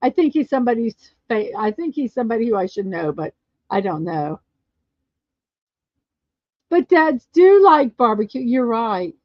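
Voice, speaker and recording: Woman, casual live-show host, chatty, laughs a lot, slightly high voice, dull lo-fi sound, dry. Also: big pitch swings, moderate pace, pauses often, dry recording. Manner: chatty, laughs often, storytelling. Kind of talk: casual chat reading viewer comments.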